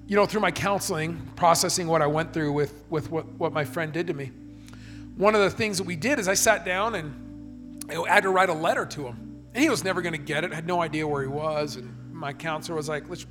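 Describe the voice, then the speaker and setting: A middle-aged man preaching a sermon, telling a story in an earnest, conversational way. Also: a little high. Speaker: pastor. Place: church stage.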